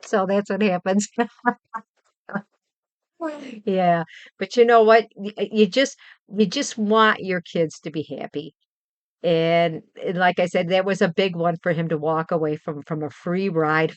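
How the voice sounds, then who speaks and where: A woman's voice: on the low side, fairly even intonation, a little slow, long pauses, no room sound. Heartfelt rambling middle-aged woman streamer. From Western New York. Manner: heartfelt, rambling, repeats herself. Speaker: livestream host. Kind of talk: casual chat with stream viewers.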